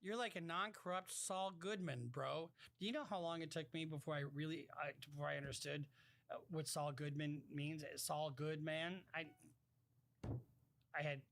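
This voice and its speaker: A man with a somewhat high voice doing casual live-stream commentary, reacting to viewer messages as they come in. He talks bluntly, curses freely, and his sentences keep breaking off and starting over. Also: fairly even intonation, normal speed, gravelly, a bit bright, slight background noise. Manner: blunt, swears freely, talks in fits and restarts.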